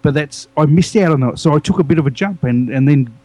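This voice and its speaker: A man with an Australian accent, co-presenting a music podcast and reminiscing with halting restarts. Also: on the high side, mellow, no room sound, poor audio. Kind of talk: casual music podcast chat.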